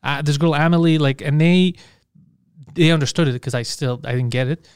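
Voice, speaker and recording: A man with a slightly high voice hosts a laid-back podcast, rattling off rambling, profane stories at a quick clip. The sound is dry and close, with no room around him. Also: clear, resonant tone, dry recording. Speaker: podcast host. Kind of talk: casual podcast chat.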